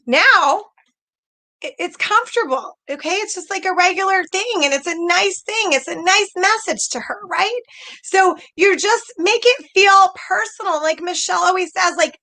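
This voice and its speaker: Woman, high pitch, bright tone, casual coaching talk, chatty and upbeat. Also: lively intonation, normal speed. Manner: chatty and upbeat, acts out messages in quotes. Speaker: direct sales coach.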